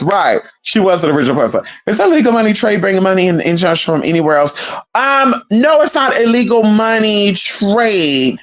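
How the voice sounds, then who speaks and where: A woman vlogger telling a story to her viewers in a sassy, profane, animated way, with drawn-out pauses. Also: lowish voice, a little hiss or hum.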